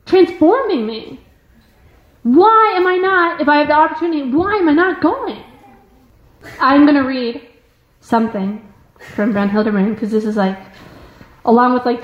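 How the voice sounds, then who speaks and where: Woman, religious sister, high voice, earnest, emphatic, casual filler words, roomy echo. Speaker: religious sister giving a talk. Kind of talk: informal spiritual talk. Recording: echoey room, muffled sound.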